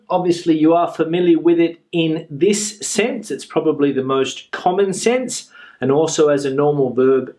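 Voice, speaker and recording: Slow, patient male teacher. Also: a little high, darkish tone. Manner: slow, patient, repeats example sentences. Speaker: English teacher. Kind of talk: grammar lesson explanation.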